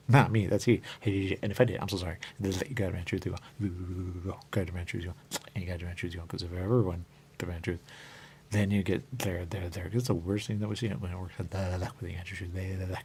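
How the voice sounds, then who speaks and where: Deep gravelly guy rambling on his radio show, keeps looping the same phrases, faint hiss. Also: fairly even intonation, fast talker, a little mellow. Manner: rambling, repeats catchphrases, jumps in pitch, chuckles. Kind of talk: rambling monologue.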